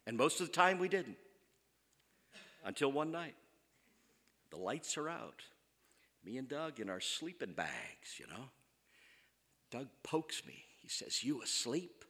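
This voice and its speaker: A man telling a funny personal story on stage, self-mocking and animated. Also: mid-range voice, slow, long pauses, long reverb tail. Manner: animated, self-mocking, acts out quoted voices. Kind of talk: comic live storytelling.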